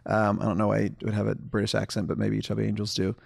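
A man's voice: fairly low pitch, monotone, fast, gravelly. A man in his thirties co-hosting a podcast in casual chat, rambling with many ums and restarts. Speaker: podcast co-host.

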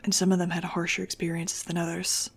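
A guarded teenage boy speaks in a hushed, even voice, holding himself in check, as a woman reads him in an audiobook. A gravelly fry runs under the low volume. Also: normal speed, exaggerated voice. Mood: quiet. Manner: quiet, hushed. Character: guarded teenage boy leader, quiet and tense.

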